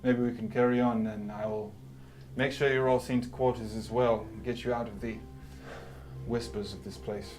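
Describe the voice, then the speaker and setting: A man's voice: mid-range voice, steady tone, natural voice. A man playing a courtly old elf noble. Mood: courteous. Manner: formal, measured speech.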